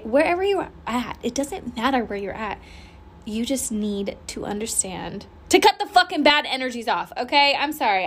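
A woman hosting her own podcast, chatting casually in a bubbly, rambling and candid way, swearing freely. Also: on the high side. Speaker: podcast host. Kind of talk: casual solo podcast chat.

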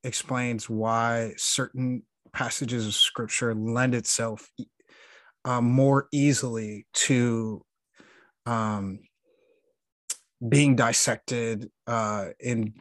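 Co-host, man, halting stutter, teasing tone, middle pitch, dry close recording. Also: fairly even intonation, a bit bright, no room sound. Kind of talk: casual chat.

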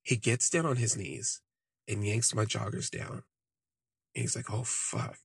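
Guy with a husky kinda gravelly voice just rambling thru a story, lots of "like"s, dry close sound. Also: lowish voice, lively intonation, a little slow, no echo. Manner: rambling, frequent "like" fillers, candid. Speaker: podcast host. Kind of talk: casual first-person storytelling.

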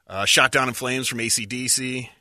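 A man's voice: mid-range voice, steady tone, normal speed, pushed and bright, dry recording, clean studio sound. A man co-hosting a radio show, chatting casually and reading sponsor plugs with small hesitations. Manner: easygoing, reads sponsor plugs with ums. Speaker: radio co-host.

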